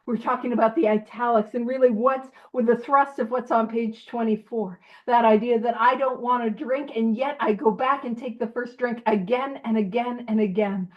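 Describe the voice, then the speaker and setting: A woman leading a recovery book study in a chatty, self-mocking way, reading passages aloud and laughing often. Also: fairly high pitch. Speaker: study group leader. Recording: dull lo-fi sound.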